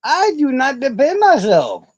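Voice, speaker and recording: Animated, foul-mouthed male streamer. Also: very high-pitched, unhurried, dry recording. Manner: rambling, profane, self-mocking. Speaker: livestream host. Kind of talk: casual livestream chat.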